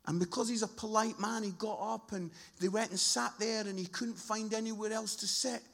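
A man preaching a sermon, telling stories with animated impressions of the people in them. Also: moderate pace, creaky, few pauses. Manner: animated storytelling, mimics people in high voices.

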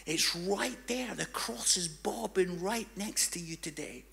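A man preaching a sermon, telling a story and swinging from hushed tones to loud, fervent passages. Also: high voice, unhurried, creaky.

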